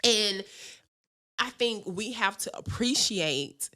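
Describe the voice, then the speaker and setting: A woman co-hosting a casual podcast, talking frankly and laughing often as she tells her own stories. She is middle-aged and speaks at an ordinary pitch in a relaxed, chatty way. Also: slow. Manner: frank, animated storytelling with laughter. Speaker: podcast co-host. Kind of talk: casual chat.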